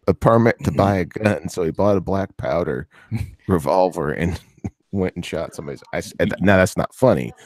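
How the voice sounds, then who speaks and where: A man's voice: low voice, moderate pace, a little mellow, no room sound. A man telling a story in casual livestream chat, chuckling as he goes.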